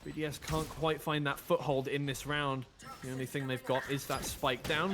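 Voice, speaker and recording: A man casting an esports match as play-by-play commentator, climbing in pitch and volume as the action builds. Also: normal speed, music in the background. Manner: excitable, pitch rising sharply in big plays. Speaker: esports caster.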